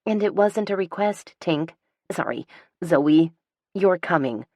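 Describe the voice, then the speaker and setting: A bright, insistent young woman who will not take no for an answer, as a female audiobook narrator puts her on. The voice sits a little higher and livelier than the reader's own dark tone, and it comes across close and dry. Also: animated, slow, dry recording. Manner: bright and insistent, talking over objections. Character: bubbly, pushy young woman, stubbornly determined.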